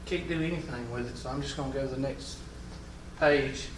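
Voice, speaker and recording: Heavy background noise surrounds a mid-range, steady male voice moving fairly quickly through math problems. He has a Southern accent and adds folksy jokes, recorded far away in an echoey classroom.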